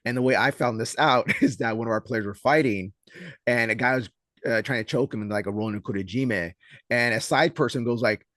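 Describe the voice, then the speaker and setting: A man co-hosting a casual podcast as a judo coach, telling stories in an animated way and acting out what others said. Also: medium pitch, fairly quick, dry recording, studio quality. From Southern California. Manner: animated storyteller, acts out quotes loudly.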